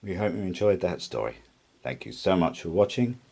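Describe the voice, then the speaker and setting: A man reading a children's storybook aloud with slow, expressive narration. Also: low-pitched, noisy background. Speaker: storybook reader.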